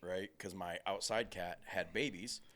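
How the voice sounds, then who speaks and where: A man's voice: low-pitched, a little slow, fairly bright tone. A man hosting a podcast, telling stories in a laid-back casual chat with plenty of swearing. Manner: laid-back storytelling with profanity. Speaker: podcast host.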